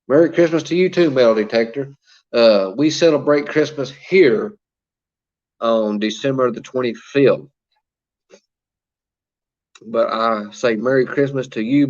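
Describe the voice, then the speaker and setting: A man chats casually on a livestream, reading viewer comments aloud and filling pauses with "uh." His voice sits at an ordinary pitch for a man. The audio is dull and lo-fi. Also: a little mellow. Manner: chatty, reads comments aloud, many fillers. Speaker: livestream host reading chat. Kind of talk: casual live-chat talk.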